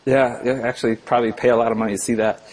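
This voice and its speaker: A man co-hosting a sports podcast, wry and jokey, halting with fillers and restarts. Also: mid-range voice, flat delivery, crowd noise. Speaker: podcast co-host. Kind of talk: casual joking chat.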